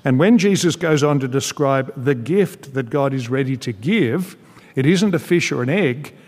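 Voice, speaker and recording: A man preaching a sermon in an earnest, measured way, with emphatic pauses. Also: medium pitch, animated, a little mellow. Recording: long reverb in a large hall.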